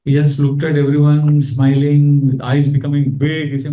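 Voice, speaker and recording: A man's voice: on the high side, a little fast, hardly any pauses. A man giving a scripture class, telling stories earnestly. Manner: storytelling, earnest, animated when quoting. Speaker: Bhagavatam teacher. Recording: echoey room, mic at a distance.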